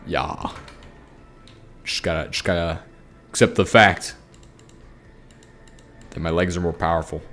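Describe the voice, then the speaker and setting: Over soft background music, a sleep-deprived gaming YouTuber offers rambling Minecraft commentary, goofy and self-deprecating. His low, slightly bright voice keeps a fairly even intonation at a measured pace, broken by long pauses.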